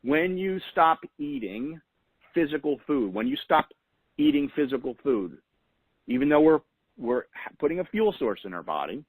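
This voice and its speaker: A man's voice: fairly high pitch, sing-song, normal speed, no echo, phone-quality sound. A man hosting a weekly call, giving motivational coaching in an earnest way and repeating key phrases for emphasis. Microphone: phone call.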